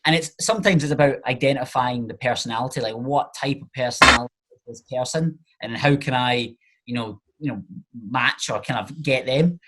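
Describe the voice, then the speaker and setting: A man's voice: mid-range voice, a little fast, very noisy. A man talking as a podcast guest, a coach chatting casually and explaining ideas with lots of everyday examples and filler phrases.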